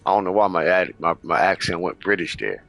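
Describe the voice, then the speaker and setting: A man's voice: low voice, expressive, fairly quick, vocal fry, a bit bright, soft background music, rough recording. A man hosting a casual gameplay video, reading dialogue choices aloud and musing to himself. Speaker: host of the show.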